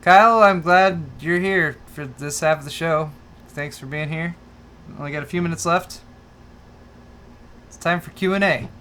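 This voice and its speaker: A man's voice: on the high side, moderate pace, long pauses, sharp tone, a little hiss or hum. A man co-hosting a casual tech livestream, easygoing and laughing often, stumbling over his words. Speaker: co-host.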